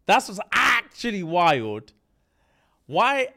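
A young man, co-hosting a podcast in a jokey, animated storytelling manner. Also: sits high, takes it slowly, creaky. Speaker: podcast co-host. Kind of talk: casual chat.

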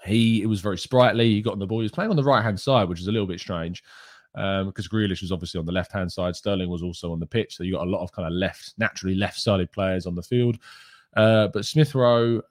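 Quiet-spoken low-voiced football podcast host. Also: male voice, fast, no room sound, studio quality. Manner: talking in a low, subdued register so as not to wake housemates; casual, with frequent fillers. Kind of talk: live-stream chat about football, reading viewer questions. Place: home.

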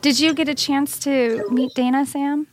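A woman's voice: high voice, fairly even intonation, moderate pace, music in the background. Upbeat woman podcast co-host. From Peoria, Illinois. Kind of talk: casual chat. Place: recording studio.

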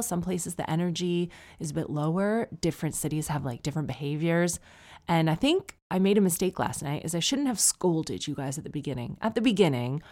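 Woman podcast host, low voice, wry and teasing, casual chat, reading listener emails. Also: darkish tone.

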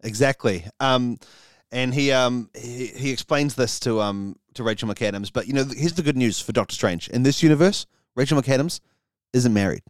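A man co-hosts a comedy podcast, making up a silly story on the spot with lots of ums and laughing at his own jokes. His voice is medium in pitch at a normal speed, recorded with clean studio sound and no room noise.

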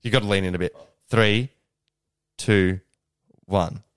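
A man's voice: lowish voice, fairly even intonation, unhurried, smooth. A man co-hosting a podcast in casual chat, joking and laughing often. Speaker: podcast co-host.

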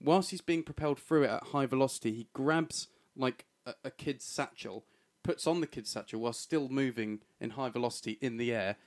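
Laughing, excitable man. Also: medium pitch, a little fast, hardly any pauses. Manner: laughing, swearing, excitable storytelling. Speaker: podcast co-host. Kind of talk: casual chat, recapping a cartoon.

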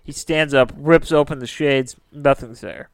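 A man's voice: medium pitch, a little slow, dry recording. Man spinning a spooky tale casually. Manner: chatty, lots of filler "like". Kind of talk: casual storytelling.

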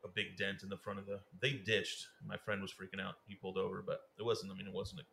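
A man's voice: low voice, monotone, quick pace, creaky, pushed and bright. A man co-hosting a podcast who makes dry, easygoing remarks in casual chat. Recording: echoey room with faint background noise.

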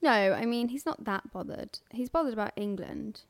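A woman's voice: fairly high pitch, lively intonation, normal speed. A young woman co-hosting a podcast, chatting casually in a teasing way and laughing often. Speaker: podcast co-host. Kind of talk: casual chat.

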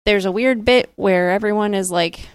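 A woman's voice: mid-range voice, normal speed, smooth, no echo. A woman in her thirties co-hosting a podcast, steadily explaining with a wry touch. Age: 30s. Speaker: podcast co-host. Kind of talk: casual chat.

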